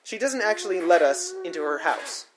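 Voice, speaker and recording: A man's voice: sits high, animated, moderate pace, slight background noise. A man narrating his own memoir in the first person, with a dry, wry, matter-of-fact delivery.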